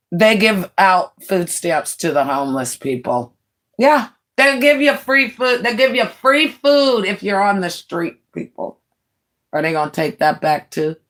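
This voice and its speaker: Woman, late forties, live-stream host; slow, blunt, mocking rant with a wildly swinging voice. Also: mid-range voice, a bit bright. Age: 40s. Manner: blunt, scornful, mocking voices, laughing asides. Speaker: livestream host. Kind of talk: livestream rant.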